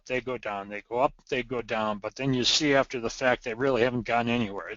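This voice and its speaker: A man's voice: mid-range voice, sharp tone, no room sound, muffled recording. A man teaching market chart principles in a recorded lesson, earnest and emphatic, repeating the words he wants to stress, with small restarts. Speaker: trading educator.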